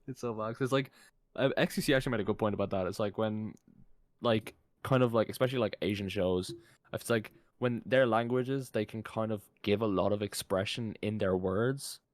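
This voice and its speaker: A young man co-hosting a podcast in a loose, rambling way, full of fillers and casual swearing. His voice sits low. The sound is dry, with no room around it. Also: a little fast, no echo. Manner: rambling, swears freely, leans on "like". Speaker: podcast co-host. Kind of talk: casual chat.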